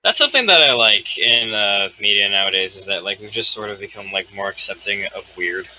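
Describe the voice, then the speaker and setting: A man on a casual group podcast who mostly agrees and keeps the talk moving. His voice is fairly low but very bright and sharp-edged. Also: lively intonation, fairly quick, no echo, low-quality recording. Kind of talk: casual chat.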